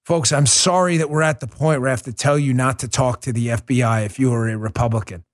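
A middle-aged man hosting a political commentary show, swinging between quiet apology and loud indignation. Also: medium pitch, fairly even intonation, fast talker. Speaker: podcast host.

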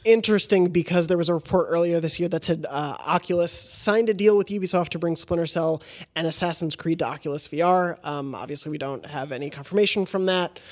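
A man hosting a game podcast with a slightly high voice. He runs through the news in a casual, brisk way and keeps the talk moving. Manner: steady, brisk, moves topics along. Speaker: podcast host. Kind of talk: casual chat, news rundown.

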